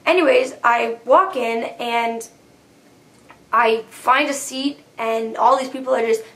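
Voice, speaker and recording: A woman's voice: on the high side, slow pace, a bit bright. A young woman, a university freshman, telling a rambling personal vlog story, chatty with many fillers, acting out her own inner panic in quotes. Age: young adult.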